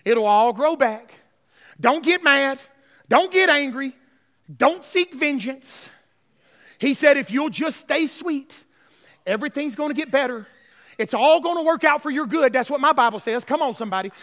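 A man's voice: extremely high pitch, lively intonation, moderate pace, fairly bright tone, big-room sound. A male pastor preaching a sermon, emphatic and repetitive, calling out to his congregation. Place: church sanctuary.

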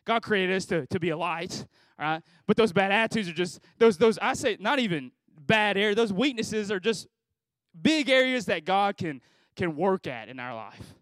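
A pastor in his thirties preaches to graduates in a loose, conversational way, piling up rhetorical questions and repeating himself for emphasis. His voice sits high for a man, and the recording is dry and close. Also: lively intonation, moderate pace, a bit bright, dry recording. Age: 30s. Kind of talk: sermon. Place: graduation service hall.

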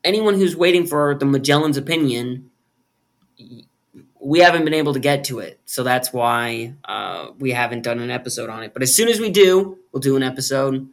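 A man's voice: mid-range voice, lively intonation, normal speed. A man co-hosting a film podcast in casual chat, playful and joking with frequent laughter. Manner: playful, jokey, laughs often. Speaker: podcast co-host.

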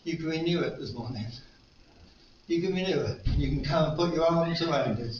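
A man's voice: fairly high pitch, brisk, a little hiss or hum. An older man preaching a sermon, telling stories and rising to earnest appeals. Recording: echoey room, distant mic, dull sound.

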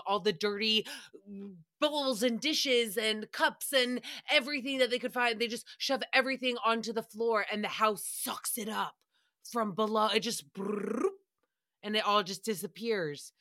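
A young woman hosting a casual comedic podcast recap, animated and profane, laughing often. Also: mid-range voice, dry recording, studio quality.

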